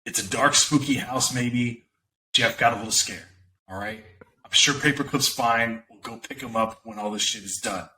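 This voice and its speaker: A man voicing a gruff, hard-nosed male crew boss who talks bluntly and swears. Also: mid-range voice, moderate pace, pushed and bright, a little hiss or hum, rough recording. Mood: stern. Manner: blunt, profane.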